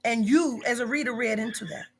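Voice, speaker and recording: A woman's voice: fairly high pitch, a little fast, husky. A woman in her forties, a business owner, scolding bluntly and profanely in a heated phone argument. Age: 40s.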